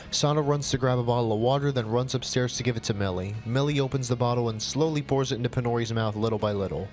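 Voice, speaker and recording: A man's voice: medium pitch, quick pace, hardly any pauses, a little mellow, faint music behind. A man reading a bad story aloud as host, with sarcastic, exasperated commentary.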